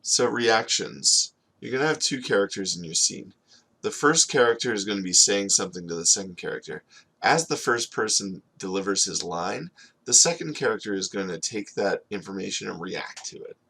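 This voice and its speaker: A man teaching storyboarding in a casual screen-recorded tutorial, talking in a relaxed, conversational way and often checking in with "okay?". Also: fairly low pitch. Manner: relaxed and conversational, with frequent fillers. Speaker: animation storyboard instructor.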